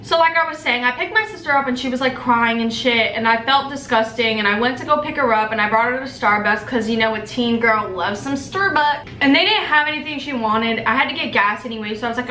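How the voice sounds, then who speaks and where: A young woman telling a profane story in a casual vlog, acting out the dialogue with animated quoted voices. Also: high voice, quick pace, hardly any pauses, far from the mic, slight background noise. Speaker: vlogger. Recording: roomy echo, a bit off-mic, faint ambience.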